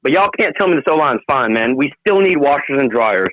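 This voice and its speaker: A man's voice: medium pitch, lively intonation, fairly quick, no echo. A man calling a sports show by phone, ranting in a heated, profane, insistent way. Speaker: caller. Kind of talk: angry sports call-in rant. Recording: muffled phone line.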